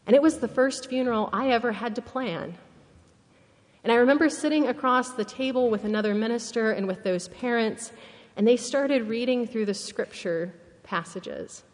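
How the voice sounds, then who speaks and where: A woman minister preaching a sermon, telling a story slowly and earnestly, dropping to a hushed, solemn tone. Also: fairly high pitch, long reverb tail. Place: church sanctuary.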